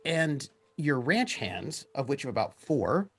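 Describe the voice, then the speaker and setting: A husky game master running a tabletop session, the voice swinging widely up and down in pitch. The speaker narrates a western scene and keeps turning to the players with questions. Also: sing-song, measured pace, a bit bright, faint music behind.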